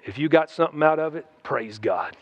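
A man preaches in a loose, folksy manner, keeping it light and conversational. His voice sits high for a man. The recording is dull and lo-fi. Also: lively intonation, a little fast. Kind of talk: sermon.

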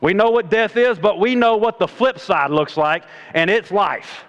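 A man preaching a sermon in a plainspoken, folksy way, swinging from loud exhortation to low mocking asides. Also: moderate pace, lo-fi sound. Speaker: preacher and middle school coach.

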